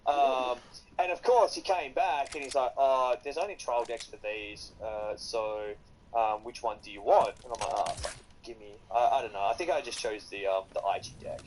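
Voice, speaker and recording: An Australian man telling stories in casual chat, animated and swearing freely. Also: mid-range voice, moderate pace, poor audio.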